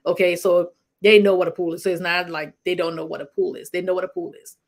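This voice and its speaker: A woman's voice: fairly low pitch, fairly even intonation, fast. A middle-aged woman from Liberia, a clinician, giving casual safety tips to an online audience in a rambling, conversational way with many restarts and chuckles. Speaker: health talk host, clinician.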